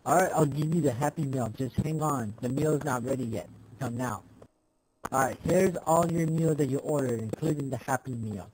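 A man voicing a laconic fast-food worker in a game video, speaking low and mumbled in short replies. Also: background noise, close to an everyday voice. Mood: casual. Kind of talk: improvised game machinima.

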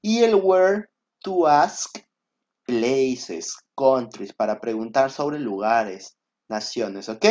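A man's voice: medium pitch, lively intonation, slow, a little mellow. A man who speaks Spanish natively teaches English grammar step by step. He repeats each point in Spanish and keeps checking with "ok?". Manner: explains step by step, asks "ok?" often. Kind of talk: online grammar lesson. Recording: dull, muffled recording.

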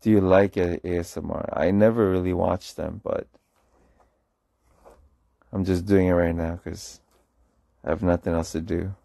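A man's voice: steady tone, measured pace, creaky, long pauses, mellow, dry recording, clean studio sound. A sleepy young man, a singer, chatting casually on a late-night phone livestream while he reads out comments. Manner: low-key, murmured, answers comments in English and Korean.

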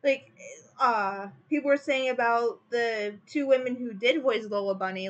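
Woman streamer, fairly high voice, rambling and opinionated chat with lots of "like", muffled lo-fi mic. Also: normal speed. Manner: rambling and opinionated, heavy use of "like". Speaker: artist streaming her drawing. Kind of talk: casual livestream chat.

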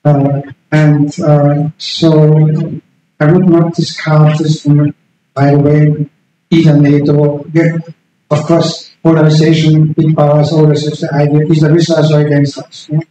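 Halting male lecturer in an echoey hall. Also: on the high side, little pitch movement, mellow. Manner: halting, repeats words while searching for phrasing. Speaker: panel speaker, political science lecturer. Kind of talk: unscripted conference talk. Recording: very echoey room with faint background noise.

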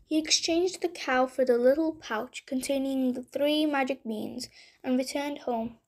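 A woman reading a bedtime story aloud in a gentle, unhurried way. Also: high voice.

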